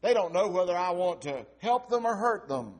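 A man preaching a sermon with dramatic storytelling, swinging between loud exclamations and hushed passages. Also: high voice, big pitch swings, moderate pace. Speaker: pastor.

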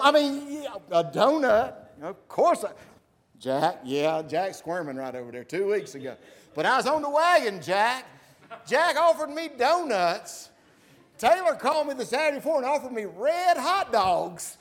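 A man preaching a sermon, his voice pitched high above most men's. He tells his stories with lively energy and acts out the voices of the people in them. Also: normal speed. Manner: animated storytelling, acts out voices. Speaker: pastor.

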